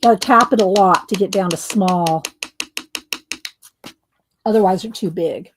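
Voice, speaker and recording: A woman talking casually through a mixed-media craft tutorial, hoarse and losing her voice, often clearing her throat and muttering to herself as she paints. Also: medium pitch, measured pace, slight background noise. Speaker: mixed-media art creator.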